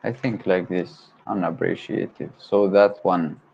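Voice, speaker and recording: Male learner, Arabic first language; slow, hesitant study-stream host with a gravelly, lowish voice, repeats words aloud; dull lo-fi audio. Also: fairly even intonation, a little mellow, slight background noise. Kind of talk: livestream study session.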